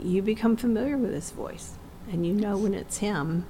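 A woman's voice: fairly low pitch, moderate pace, few pauses, dark tone, a little hiss or hum. A woman in a faith discussion, speaking earnestly and affirming the others.

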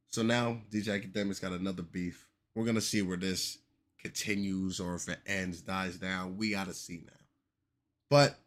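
A young man hosting a casual commentary podcast, animated and joking with exaggerated reactions. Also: low-pitched. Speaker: podcast host.

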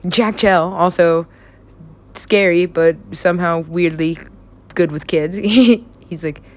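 A woman's voice: lowish voice, drawn-out words. A young woman chatting casually and rambling about stories she has written, laughing often and swearing freely. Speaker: writer describing her own stories.

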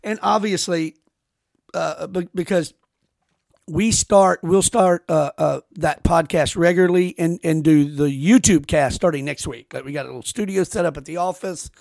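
Male podcast host, gravelly, loose and profane storyteller, dry sound. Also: fairly high pitch, normal speed, darkish tone, dry recording. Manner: rambling, profane storytelling with many restarts. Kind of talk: casual podcast chat.

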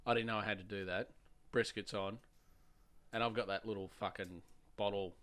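A man's voice: lowish voice, moderate pace. An Australian man co-hosting a podcast, chatting casually with friends and telling stories with lots of swearing. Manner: sweary, animated storytelling. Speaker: podcast co-host. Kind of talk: casual chat.

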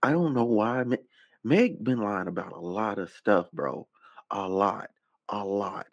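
A man's voice: fairly low pitch, a little slow, vocal fry, muffled recording. A man hosting a casual commentary stream, rambling, cursing, and often repeating himself. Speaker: reaction channel host.

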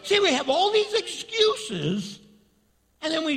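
A man preaching a sermon as pastor, animated and folksy, acting out the people he describes. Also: very high voice, takes it slowly, gravelly. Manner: animated, folksy preaching that acts out quoted voices. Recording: long reverb of a hall.

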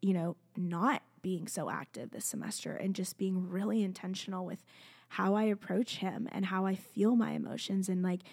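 This young woman, a student, speaks sincerely and informally to the camera about faith and how she feels, at a moderate pace in a steady, medium-pitched voice with vocal fry. Her talk rambles, is packed with "like," and now and then sinks into a soft whisper; her own mic sits close.

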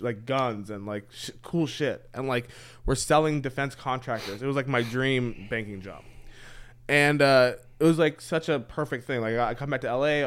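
A man's voice: medium pitch, smooth. A young man, a podcast guest, chatting casually and telling a story with many "like" fillers. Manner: filler-heavy, says "like" constantly, animated storytelling. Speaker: poker player guest.

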